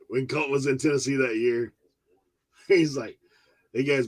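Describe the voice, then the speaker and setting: A man's voice: mid-range voice, measured pace, breathy edge, low-quality recording. A man co-hosting a casual chat, telling stories with lots of laughter. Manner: storytelling, animated, laughing. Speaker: podcast co-host.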